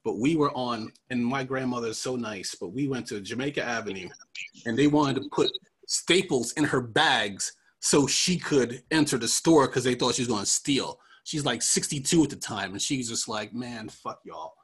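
A man's voice: medium pitch, moderate pace, a bit bright, husky. A man from New York hosting a casual political commentary podcast, joking and laughing often with rambling asides. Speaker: podcast host.

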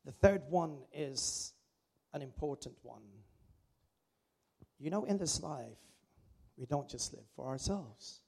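A man's voice: medium pitch, expressive, slow pace, gravelly, darkish tone, slightly rough. A man preaching a sermon, bluntly exhorting the congregation and telling them to turn to their neighbors.

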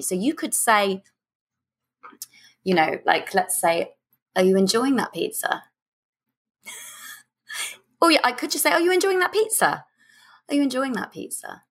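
Young woman on a podcast, chatty dating tips, slows right down to show it. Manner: chatty and animated, drops lower and slower to demonstrate. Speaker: podcast host and dating coach. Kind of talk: casual advice podcast.

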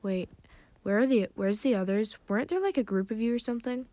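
A woman's voice: a little high, a little fast, warm tone, dry recording, natural voice. A woman voicing a nervous, dreamy male dragon who rambles hesitantly.

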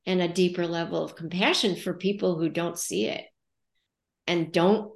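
In a reflective, casual podcast, a middle-aged woman from the United States who works as a coach acts out her inner dialogue thoughtfully. She speaks at a fairly low pitch with fairly even intonation and a moderate pace, her voice creaky. The sound is roomy.

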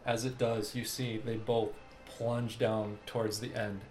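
A man's voice: fairly low pitch, level tone, unhurried, darkish tone, faint music behind. A man narrating as game master of a tabletop game. He rambles through the scene with many filler sounds. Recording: echoey room, background noise.

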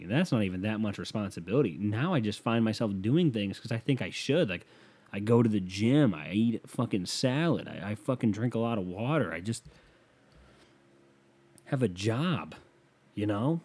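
A man's voice: lowish voice, lively intonation, normal speed, a little mellow, breathy edge. A young man hosting a podcast from his bedroom, talking in a rambling, profane, self-mocking monologue. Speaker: podcast host. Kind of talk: casual solo podcast monologue.

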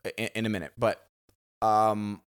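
A man's voice: on the low side, little pitch movement, unhurried, clean tone. A man co-hosting a podcast in casual chat, rambling and emphatic, swearing freely. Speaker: podcast co-host.

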